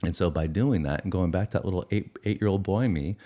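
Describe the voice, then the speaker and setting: A man's voice: deep voice, fast talker, mellow. A middle-aged man answering interview questions in an earnest, reflective way, sometimes acting out his inner dialogue. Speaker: guest, addiction recovery expert.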